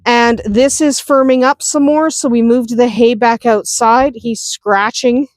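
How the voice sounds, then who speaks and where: A woman's voice: on the high side, fairly even intonation, a little slow, no room sound. A woman chatting through a casual farm vlog, outdoors on a windy farm, often laughing and talking to her animals. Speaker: homestead vlogger.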